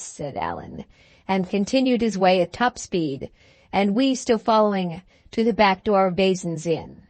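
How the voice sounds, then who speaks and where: A woman narrating an audiobook in a slow, deliberate reading. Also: medium pitch, sing-song, darkish tone, no echo.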